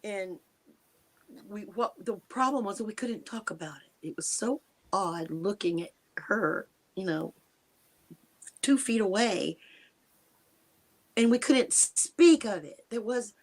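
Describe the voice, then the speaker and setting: A woman in her sixties from the United States, a guest telling a personal encounter in a halting, emotional way, with a dry mouth and frequent restarts. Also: mid-range voice, expressive, a little mellow. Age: 60s. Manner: halting, restarts sentences, speeds up and slows down. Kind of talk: emotional first-person storytelling.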